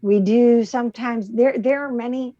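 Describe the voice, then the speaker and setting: A woman's voice: fairly high pitch, fairly even intonation, normal speed. Chatty middle-aged woman, muffled call audio. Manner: chatty, laughs easily, explains gently. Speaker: co-host presenting the crystal of the week. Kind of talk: casual chat.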